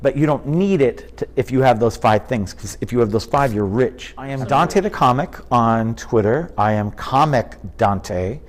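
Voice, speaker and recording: A man in his fifties, a comedian chatting in an interview, telling animated stories and slipping into impressions. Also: medium pitch, normal speed, hardly any pauses. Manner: animated storyteller, drops into impressions. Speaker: comedian guest. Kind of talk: casual interview chat.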